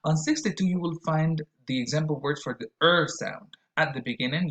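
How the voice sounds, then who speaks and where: A man gives a recorded pronunciation lesson at a middle pitch. He explains step by step and draws out example words slowly and clearly so learners can copy them. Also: fairly bright tone, poor audio. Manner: explains slowly, models words with careful exaggerated vowels. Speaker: pronunciation teacher.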